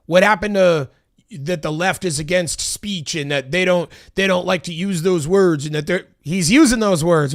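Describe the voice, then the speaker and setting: A heated, exasperated man reacts to video clips, arguing and swearing at his viewers. His voice sits a bit higher than most men's, and the sound is dry and close, with no room around it. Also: moderate pace, no echo. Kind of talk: casual political commentary. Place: Los Angeles.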